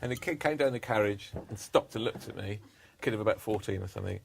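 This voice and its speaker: A man's voice: on the low side, fast, creaky, slight background noise. A man hosting a comedy panel show, with wry, bantering asides to his guests. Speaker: host.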